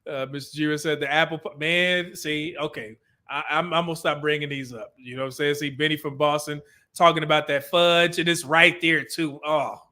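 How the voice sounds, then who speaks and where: A man with a high, bright voice chats loosely on a live stream. He reacts to viewer comments as they come in and breaks into laughter often. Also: steady tone, normal speed. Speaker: livestream host reading chat. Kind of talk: casual live-stream chat.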